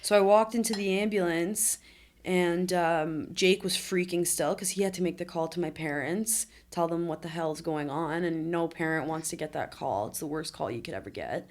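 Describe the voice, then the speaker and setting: As a guest on a podcast, a woman in her twenties speaks at normal speed in a fairly low voice. Her emotional personal storytelling recounts a traumatic accident with candor, and she laughs her way through the difficult parts.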